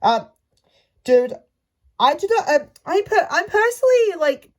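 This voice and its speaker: A woman's voice: very high-pitched, very animated, measured pace. A woman ranting casually about a show, stumbling through many restarts. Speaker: fan commentator. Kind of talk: casual rant to camera.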